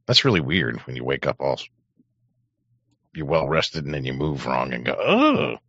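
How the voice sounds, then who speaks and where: Gravelly, very deep-voiced male host. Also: steady tone, normal speed, pushed and bright, no echo. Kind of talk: casual chat. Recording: muffled, lo-fi audio.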